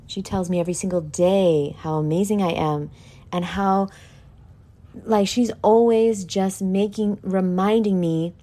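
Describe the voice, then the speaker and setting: A woman hosts a podcast as a casual solo monologue, speaking candidly and emotionally and swearing freely. Her voice is lowish and mellow.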